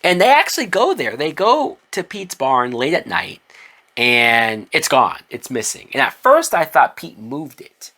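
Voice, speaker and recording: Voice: medium pitch, very animated, a little slow, sharp tone. A reviewer gives a casual recap of a TV episode, chatty and swearing often, briefly acting out the characters' lines. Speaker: TV show reviewer.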